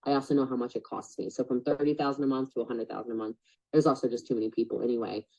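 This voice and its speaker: A woman's voice: very deep voice, fairly even intonation, racing, warm tone. A woman coaching a group on a call, chatty and blunt with lots of fillers. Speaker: business coach. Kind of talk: casual coaching call talk. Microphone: video call. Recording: dull lo-fi call audio.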